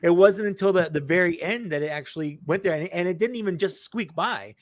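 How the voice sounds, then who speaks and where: A man talking fast and animated as a guest on a casual livestream, often repeating words. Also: high-pitched, no room sound.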